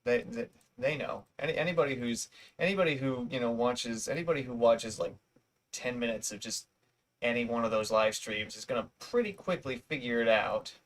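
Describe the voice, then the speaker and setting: A man's voice: medium pitch, a little fast. Rambling casual male host. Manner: rambling, restarts, casual swearing. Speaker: channel host. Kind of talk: casual chat.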